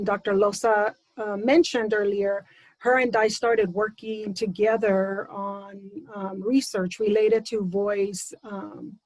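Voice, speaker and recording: A woman's voice: mid-range voice, no room sound, rough recording. Woman speaking plainly on a dry call. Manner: conversational, many ums. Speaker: speech pathology professor. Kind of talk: panel introduction, casual storytelling.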